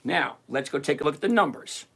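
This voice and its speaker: A man's voice: fairly high pitch, a little fast, gravelly, husky. A middle-aged man hosting a trading livestream, brash and teasing as he reads out chat questions. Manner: brash, animated and teasing, reading chat names aloud. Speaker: livestream host answering chat questions on covered-call trading. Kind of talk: live-stream chat.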